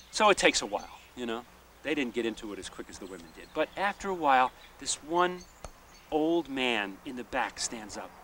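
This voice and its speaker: A man, a peacemaker and facilitator, telling a story in an animated way, often saying "you know.". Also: medium pitch. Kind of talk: storytelling talk. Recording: distant mic, faint outdoor noise.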